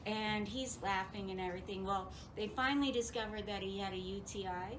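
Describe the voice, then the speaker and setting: A woman's voice: medium pitch, fairly quick, noisy background. A woman, a daughter, telling funny family stories about her father with frequent laughter. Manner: laughing, lively retelling. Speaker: daughter sharing memories. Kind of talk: casual storytelling.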